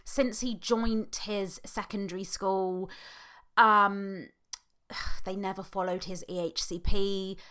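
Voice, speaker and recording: A British woman in her thirties hosting her own podcast, talking in a halting, emotional way and close to tears. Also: medium pitch, flat delivery, bright, forceful tone, clear, resonant tone. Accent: British English. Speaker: podcast host; hypnotherapist. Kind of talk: personal podcast monologue.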